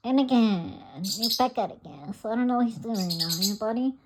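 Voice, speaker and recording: A woman's voice: fairly high pitch, fast, slight background noise. A woman vlogging with her pet bird, giggling and coaxing it in playful baby talk. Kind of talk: casual vlog chatter to her pet and viewers.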